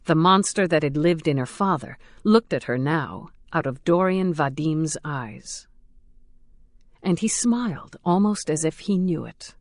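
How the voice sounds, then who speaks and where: A woman giving a measured, steady audiobook narration of a crime thriller. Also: sits low, no echo, studio quality. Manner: measured, steady, dramatic storytelling.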